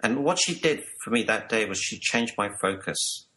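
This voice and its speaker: A man's voice: lowish voice, lively intonation, moderate pace, bright, forceful tone, low-quality recording. A man working as a life coach, telling his personal story earnestly to an interviewer and sometimes repeating words.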